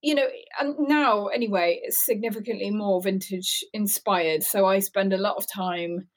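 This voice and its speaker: A woman guest, a fashion designer, answering interview questions in a thoughtful, measured way. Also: medium pitch.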